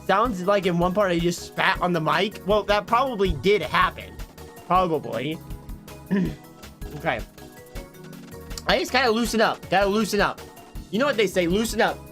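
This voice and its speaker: A man's voice: sits high, lively intonation, normal speed, long pauses, fairly bright tone, faint music behind. A man streaming casually, flustered and self-mocking as he talks through his voice attempts aloud. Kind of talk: casual livestream chat.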